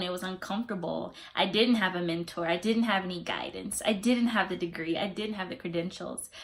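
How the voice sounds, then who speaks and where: A young adult woman vlogging in a casual, expressive way, giving faith-based encouragement with preacher-like emphasis. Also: medium pitch. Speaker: YouTube vlogger.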